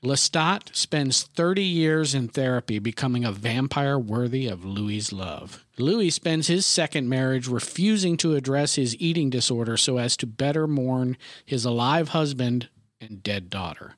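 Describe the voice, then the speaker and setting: A woman's voice: extremely low pitch, expressive, a little slow, no echo, clean studio sound. A woman co-hosting a podcast, introducing segments and teasing her co-hosts in casual chat. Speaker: podcast co-host.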